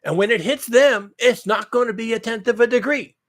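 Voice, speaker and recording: Fairly quick in delivery, this man runs a sarcastic, foul-mouthed commentary on the news for his channel. Muttering low one moment and erupting loudly the next, he hammers points by repeating phrases.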